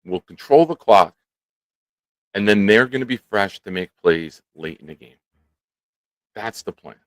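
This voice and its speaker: Deep-voiced male host of a live stream, lively and chatty, dry studio mic. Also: unhurried, no room sound. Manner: animated, talks to chat by name. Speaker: show host. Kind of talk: casual live-stream chat. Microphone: studio microphone.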